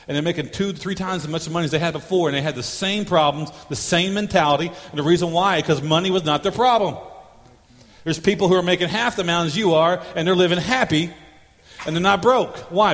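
A man's voice: fairly high pitch, big-room sound. A male pastor delivering a sermon in a repetitive preaching cadence, breaking into humorous role-play.

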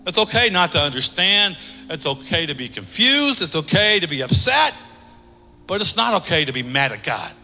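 Male pastor, sermon; high-pitched, pushes hard then drops to a hush; long hall reverb. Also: very animated, normal speed, soft background music. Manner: emphatic preaching that swings between loud and hushed.

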